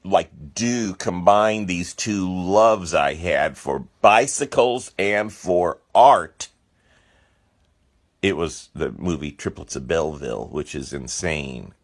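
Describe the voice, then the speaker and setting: A man, a painter, chatting casually about his artwork. He rambles through excited stories full of asides and exclamations. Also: sits low, takes it slowly. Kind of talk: casual chat.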